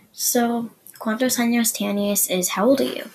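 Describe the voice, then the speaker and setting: A woman hosting a podcast and teaching beginner Spanish in a chatty, explanatory way, with soft asides. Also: fairly high pitch, steady tone, a little slow, rough recording. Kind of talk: casual beginner language lesson.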